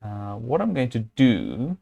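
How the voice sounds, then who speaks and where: Streaming a game live, a man reasons through each move out loud, hesitant, with lots of "um"s, fillers and restarts, occasionally speaking directly to viewers or scolding the hero. His mid-range voice is mellow, with vocal fry and huge pitch swings.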